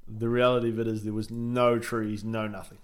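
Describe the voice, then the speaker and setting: A man's voice: on the low side, flat delivery, a little fast. A young man with a New Zealand accent, co-hosting a casual podcast, swearing often and laughing easily. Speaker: podcast co-host. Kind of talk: casual banter. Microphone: headphones and desk mic.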